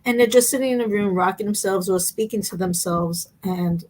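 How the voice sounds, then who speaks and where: A woman hosts the conversation in a chatty, personal tone. Her pitch sits in an ordinary middle range. She breaks in with emphatic asides. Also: fairly quick, a little mellow, rough recording. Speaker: podcast host. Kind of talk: casual conversation.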